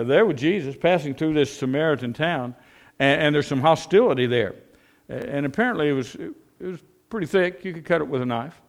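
A male pastor giving a conversational sermon, often asking the congregation tag questions and restarting his phrases. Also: medium pitch. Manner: repeats words and restarts often.

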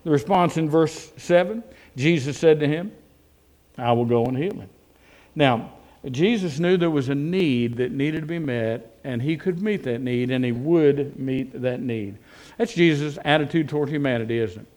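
A man preaching a sermon in a folksy, animated way, with rhetorical questions and frequent restarts. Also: on the high side, moderate pace. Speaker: pastor.

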